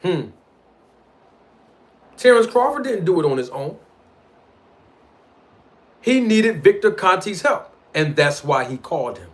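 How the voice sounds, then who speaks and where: A fired-up man runs his own live stream, talking in slangy street speech and calling out viewers by name. He argues in a voice pitched somewhat high for a man. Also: measured pace, pauses often. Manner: animated, argumentative, addresses live chat directly. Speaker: livestream host. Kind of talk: boxing commentary livestream.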